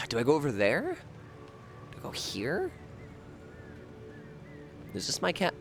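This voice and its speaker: A man's voice: a little high, huge pitch swings, slow pace, creaky, fairly bright tone, a little hiss or hum. A man streaming a horror game, rambling and joking with his chat, swearing freely and sometimes chanting words over and over. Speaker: livestreamer. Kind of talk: casual gameplay commentary.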